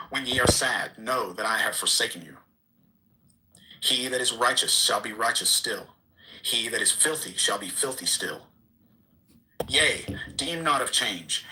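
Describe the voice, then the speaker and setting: A man's voice: medium pitch, bright, forceful tone, rough recording. A man giving a solemn, declamatory reading of an archaic scriptural text. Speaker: reader.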